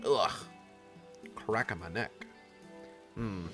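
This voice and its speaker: A male streamer tosses off casual, joking asides while he plays. His voice is bright and forward, and its pitch moves lively from phrase to phrase. Soft game music plays underneath. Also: measured pace. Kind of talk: casual gameplay commentary.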